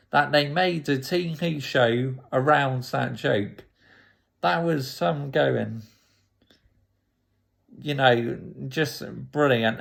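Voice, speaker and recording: Guy, laid-back slow storytelling, bit of fry in his voice, chuckles a lot. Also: medium pitch, fairly bright tone. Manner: chatty, laughs often while retelling. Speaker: YouTuber. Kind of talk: casual storytelling recap.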